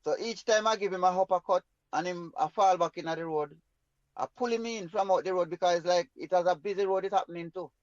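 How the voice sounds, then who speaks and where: A man's voice: high voice, brisk, dry recording, lo-fi sound. A man with a Jamaican accent telling a personal story in an emphatic, rambling way in patois. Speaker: guest storyteller.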